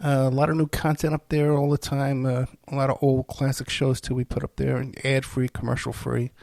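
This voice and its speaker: A man's voice: medium pitch, level tone, fairly quick, gravelly, darkish tone, no echo. A middle-aged man hosting a podcast, rambling in a casual, self-deprecating way while sounding tired and unwell. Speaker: podcast host. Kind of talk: casual solo monologue.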